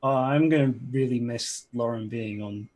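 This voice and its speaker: A man narrating as game master of a tabletop game, halting, with frequent ums and restarts. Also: medium pitch, a little mellow.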